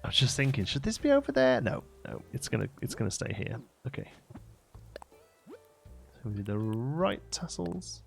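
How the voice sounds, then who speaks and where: A man's voice: medium pitch, huge pitch swings, normal speed, creaky, soft background music. A man from England, rambling casually as he hosts a game livestream and answers his chat. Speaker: livestream host.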